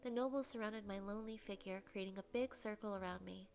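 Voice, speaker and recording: A young woman with a soft, breathy voice reading a visual novel aloud in first person as a game streamer. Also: medium pitch, fast talker.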